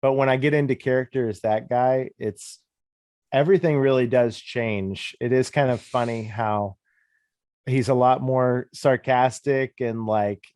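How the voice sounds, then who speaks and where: A man in his thirties, a disc golf commentator, telling stories in a relaxed, rambling, self-deprecating way during a casual interview. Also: mid-range voice, a little slow, clear, resonant tone, no room sound, clean studio sound. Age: 30s.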